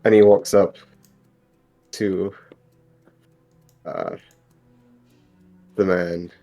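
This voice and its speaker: Man, tabletop player, laid-back, unhurried delivery, halting repeats, low pitch. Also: little pitch movement, gravelly, mellow, highs cut off, faint music behind. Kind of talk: playing a tabletop game.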